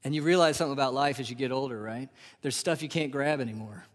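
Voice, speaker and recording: A man in his thirties preaching a sermon. He swings from loud, rising emphasis to hushed, drawn-out near-whispers. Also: mid-range voice. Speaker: pastor. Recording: live sermon with long hall reverb.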